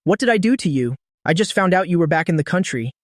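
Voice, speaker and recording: Man reading as a commanding young woman boss, cool and teasing, higher man's voice, dry sound. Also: expressive, fast talker, no echo. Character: cold, domineering young woman company president.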